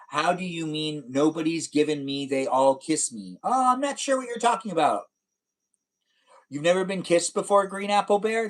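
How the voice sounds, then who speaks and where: A young man hosts a livestream, talking straight to viewers in a rambling, playful way. His voice sits a little high for a man. He reads out comments as they come in and teases the people who sent them. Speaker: livestream host. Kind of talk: casual livestream chat reading viewer comments.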